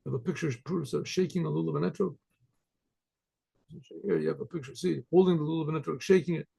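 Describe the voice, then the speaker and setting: Gravelly, husky man telling a story. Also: on the high side, fast talker. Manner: rambling, animated, full of restarts. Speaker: rabbi. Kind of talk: storytelling talk.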